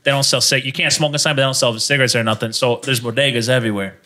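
Cast: male comic, bright forceful voice, crude storyteller, casual podcast banter. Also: mid-range voice, fairly even intonation, racing. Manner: profane, jokey, acts out voices in his stories. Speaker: comedian podcast guest.

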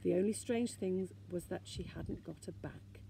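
A woman teacher reading a children's storybook aloud in a gentle, expressive way. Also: on the low side, moderate pace, gravelly, a little hiss or hum.

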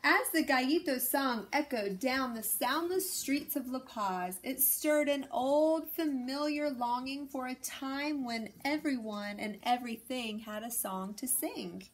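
Slow, expressive woman storyteller. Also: high voice. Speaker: storybook reader. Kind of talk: storybook read-aloud narration.

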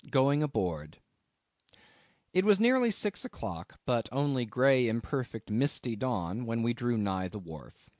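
This is scripted audiobook narration by a man with a mid-range voice, delivered with expressive, measured storytelling. The studio-quality recording has no room sound at all.

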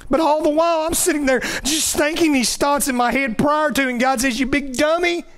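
A man's voice: very high voice, fairly even intonation, a little fast, a bit bright. A middle-aged male pastor preaching a conversational sermon, often checking in with "right?".

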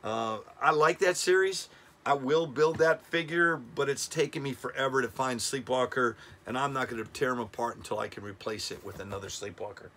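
A man's voice: medium pitch, fairly quick, fairly bright tone, a little hiss or hum. A middle-aged man hosting a casual toy countdown vlog, enthusiastic and chatty, often stumbling over names. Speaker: toy review channel host.

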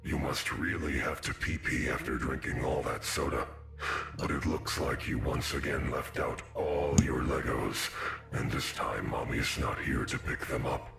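Jigsaw, gravelly and ominous. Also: male voice, rumbling low, fairly even intonation, heavy background noise, full character voice. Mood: mocking menace. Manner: slow mocking menace. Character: sinister taunting male puppet-master killer. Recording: loud music under voice.

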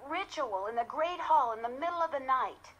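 A woman's voice: high voice, expressive, normal speed. A young actress voicing a curious young female detective in an adventure game, earnest and inquisitive.

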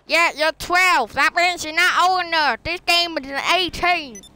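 This gamer troll uses a very high-pitched, pushed, bright voice, exaggerated for the act of a bratty old policeman. At a measured pace he taunts other players in voice chat, mocking them with repeated insults.

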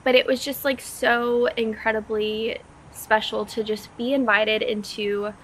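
A young woman from Texas chats through a personal story with a bright, clear tone that sits a little high. She sounds bubbly and earnest, with plenty of "like" fillers. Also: flat delivery, unhurried, slight background noise. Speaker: vlogger. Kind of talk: casual storytelling.

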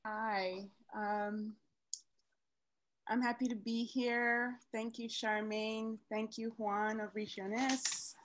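Slow soft-spoken woman. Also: on the high side, little pitch movement. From Jamaica. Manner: soft-spoken, unhurried, many pauses. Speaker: panel artist. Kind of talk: online panel introduction. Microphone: video call.

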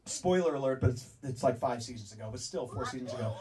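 Animated man telling a story on stage. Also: mid-range voice, quick pace, distant mic, low-quality recording. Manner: animated, acts out both sides of a conversation. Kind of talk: storytelling talk to a live audience. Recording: stage talk from afar with audience.

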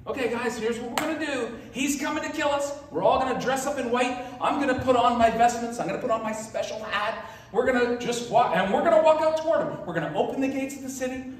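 A man voicing an excited male high priest who is hurriedly laying out a plan to his people. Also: fast talker. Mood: eager. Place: church sanctuary. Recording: echoey hall from far off.

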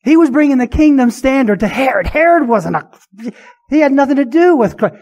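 A man with a high voice preaches a sermon as a pastor. He presses his points hard and keeps putting questions to his listeners. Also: lively intonation, a little fast, darkish tone. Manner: emphatic preaching with rhetorical questions.

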